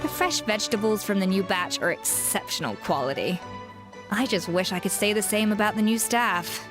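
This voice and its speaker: A woman's voice: mid-range voice, animated, normal speed, music in the background, close to an everyday voice. A woman with a British accent voicing an exacting, haughty female food vendor who complains about lax standards, in video game voice acting. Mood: disdainful.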